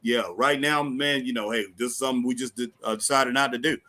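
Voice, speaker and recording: Bright-voiced man co-hosting. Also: mid-range voice, fairly even intonation. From Southern United States. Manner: laid-back, drawn-out, says "man" often. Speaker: podcast co-host. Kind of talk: casual chat. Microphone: live stream.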